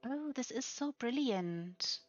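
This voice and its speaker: Slow, gushing woman streamer. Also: fairly high pitch, lively intonation, no room sound. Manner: enthusiastic, breathy exclamations, frequent soft whispers and giggles. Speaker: streamer touring player houses. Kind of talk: slow, gushing live-stream house tour. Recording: slightly dull lo-fi sound with faint music behind.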